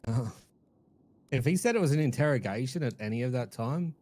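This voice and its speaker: A man's voice: medium pitch, lively intonation, fairly quick, a little mellow. A man playing a police officer in a roleplay discussion, making emphatic points and repeating himself.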